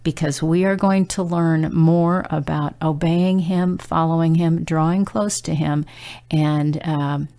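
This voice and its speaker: A middle-aged woman with a gravelly, low-leaning voice gives an informal devotional message. She talks earnestly and conversationally, telling stories with plenty of fillers. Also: fairly even intonation, slow, mellow. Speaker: Christian prophetic speaker.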